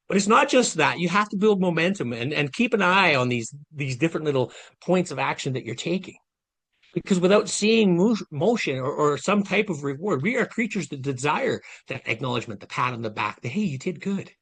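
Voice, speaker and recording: A man in his late fifties with a fairly high voice gives a motivational masterclass over a video call. He sounds earnest and conversational, talking straight to the people watching. The call audio carries his voice plainly. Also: a bit bright, breathy edge. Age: 50s. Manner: earnest, conversational, addresses the audience directly. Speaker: guest speaker giving a masterclass. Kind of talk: motivational talk.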